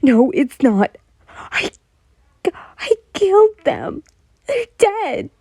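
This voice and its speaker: Woman doing a distraught schoolgirl, sobbing, high-pitched, guilt-ridden, mellow tone. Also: monotone, takes it slowly, vocal fry, breathy edge, dry recording, heavily acted. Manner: sobbing, crying out loud. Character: distraught young female student, guilt-ridden.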